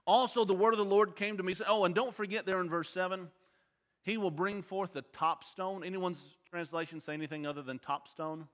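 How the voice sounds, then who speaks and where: Bright-voiced man teaching a Bible class. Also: sits high, fairly even intonation, a little fast. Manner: quizzes the class with questions. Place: church auditorium. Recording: long hall reverb.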